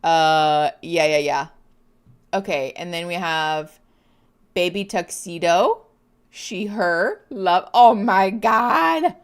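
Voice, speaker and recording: Woman, casual reaction chat, giggly, lively pitch, unhurried. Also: smooth. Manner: gushing, giggly, coos over pets. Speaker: streamer.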